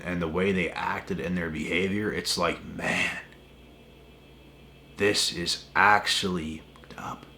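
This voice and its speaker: A man who hosts a spiritual channel rants casually to the camera, emphatic and repetitive, swearing a great deal. His voice is deep with a fairly bright tone, and the recording carries a little hiss or hum.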